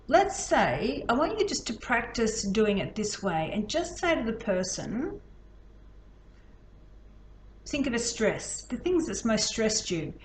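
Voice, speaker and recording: A woman instructor talks students through a hands-on technique in a loose, chatty way. She demonstrates as she goes. The room is echoey, with a faint background hum. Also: fairly high pitch. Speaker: healing instructor. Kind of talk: casual teaching demonstration.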